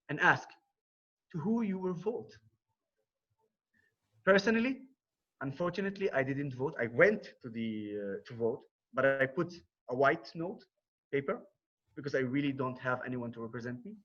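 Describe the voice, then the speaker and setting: A man's voice: a little high, a bit bright. A man with an Arabic accent talking earnestly to a group, often repeating words as he searches for them. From Israel. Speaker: speaker on a conference call. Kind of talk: informal talk to a group. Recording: dull lo-fi call audio.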